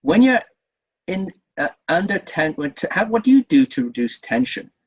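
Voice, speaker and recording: A man leads an online workshop, his voice husky and lively, rising and falling as he explains. He often restarts phrases and tags on a quick "right?". The sound is dull and lo-fi, like a webinar recording. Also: sits high. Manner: lively, repeats himself, asks the audience "right?". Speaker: workshop trainer. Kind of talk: webinar teaching.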